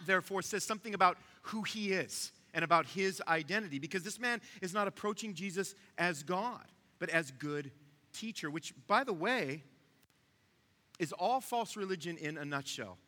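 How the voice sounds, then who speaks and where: A man's voice: sits high, animated, normal speed, pushed and bright, in a large hall. A man preaching a sermon in a conversational way, talking straight to his listeners. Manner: conversational, asks the room to follow along. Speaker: pastor.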